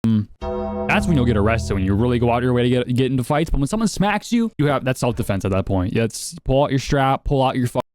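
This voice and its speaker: A man's voice: mid-range voice, expressive, fast talker, a little mellow, dry recording, soft background music. A young man casually telling crude prank stories, swearing often and laughing at his own jokes. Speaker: commentator. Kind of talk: casual storytelling.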